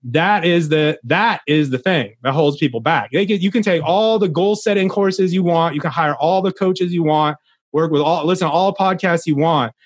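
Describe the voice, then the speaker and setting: A man's voice: on the high side, moderate pace, dry recording. A young adult man, a podcast guest, talking earnestly in a casual interview, rambling with many restarts.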